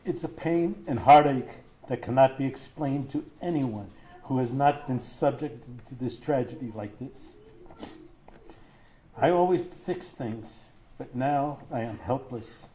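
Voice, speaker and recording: A middle-aged man, a grieving father, reading a prepared statement in court; his voice is tearful and halting, breaking as he chokes up. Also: medium pitch, mellow. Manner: grief-stricken, halting, voice breaking.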